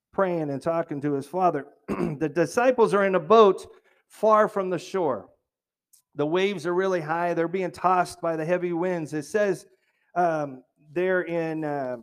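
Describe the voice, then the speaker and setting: A man with a fairly high voice delivers a sermon. He keeps it conversational, breaking off for jokey side notes and asking the congregation questions. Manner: jokey asides, restarts phrases. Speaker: preacher.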